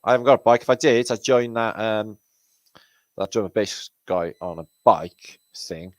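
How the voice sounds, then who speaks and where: A man's voice: lowish voice, normal speed, no echo. A man hosting his own channel, chatting casually with viewers on a live stream, greeting them by name and swearing freely. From Britain. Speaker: channel host.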